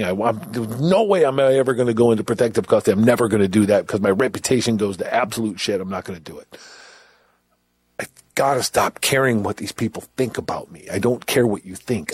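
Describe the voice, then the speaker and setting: A man's voice: on the low side, darkish tone, breathy edge, no echo. A middle-aged man who was once in prison, telling his story bluntly and candidly. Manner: candid, blunt, with laughs and restarts. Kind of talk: personal storytelling.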